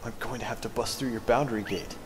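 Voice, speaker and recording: A man's voice: mid-range voice, fairly even intonation, fast, a little hiss or hum, lightly acted. A man voicing an earnest young game hero. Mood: worried. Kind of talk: video game voice acting.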